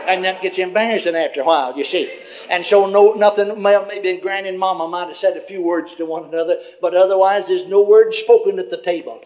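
An older man telling a testimony in a sermon, in a folksy storytelling way full of chuckling asides, on a muffled lo-fi recording. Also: high voice. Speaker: preacher. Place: church gathering before a congregation.

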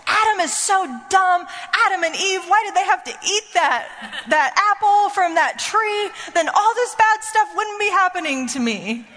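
A woman's voice: very high voice, lively intonation, a little slow, sharp tone, long reverb tail, pitched above the performer's own voice, full character voice. A woman voicing a complaining thirteen-year-old boy, whining in exasperation. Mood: whiny.

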